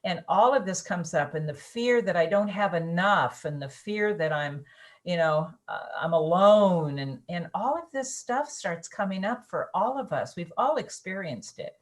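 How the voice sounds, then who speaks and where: Low-voiced woman, reflective talk. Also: lively intonation, normal speed. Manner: reflective, searching explanations with restarts. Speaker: co-host. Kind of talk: casual spiritual chat.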